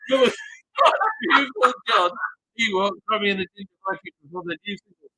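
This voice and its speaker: A man's voice: high-pitched, sing-song, normal speed, sharp tone, no echo, low-quality recording. A man co-hosting a live stream, reading viewer comments aloud and joking around in casual banter. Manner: laughing, jokey banter.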